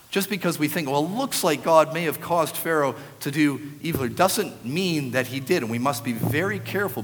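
Male pastor preaching in a church sanctuary, emphatic with whispered asides, medium pitch, long hall echo. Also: a bit bright. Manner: emphatic preacher, drops to a hissing whisper for the serpent. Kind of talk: sermon.

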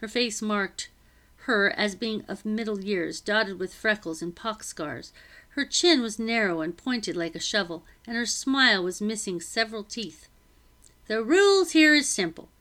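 A woman narrating a novel aloud in the first person, with steady, even reading. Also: mid-range voice, a little slow.

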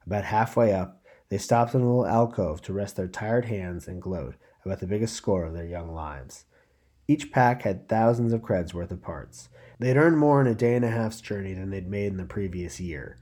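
A man hosting a podcast, reading a piece of fiction aloud in a steady, measured storybook narration. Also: on the low side.

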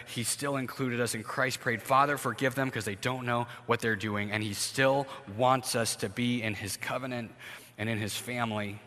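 A man's voice: mid-range voice, bright, forceful tone. A man preaching a conversational sermon as pastor, acting out everyday scenes as he goes. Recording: long hall reverb.

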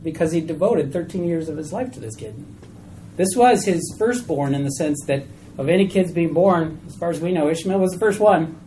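A woman teaching a small Bible study group in a chatty, animated way, asking questions of the class. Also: on the low side, normal speed, slight background noise, poor audio.

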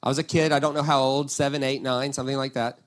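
A man preaching a sermon, telling a Bible story with lively acted-out quotes and frequent "right?" asides to the congregation. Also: medium pitch, quick pace. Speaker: pastor.

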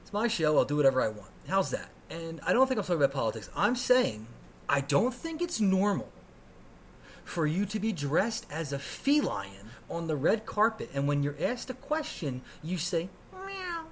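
Alone on his podcast, an American man in his thirties rants with heavy sarcasm and profanity, lurching from muttering to outbursts. He speaks at a moderate pace in a slightly high voice with big pitch swings, and there's a touch of background noise.

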